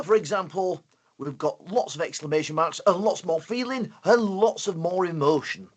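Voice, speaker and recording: Upbeat guy running a live school lesson, high lively voice, bit husky. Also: moderate pace. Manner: energetic, upbeat, playful. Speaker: host and teacher.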